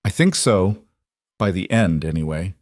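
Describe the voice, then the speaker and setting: A man playing a patient single dad speaks gently, with a wry edge. His voice is low and unhurried. The recording is close and dry. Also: animated, no room sound. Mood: gentle.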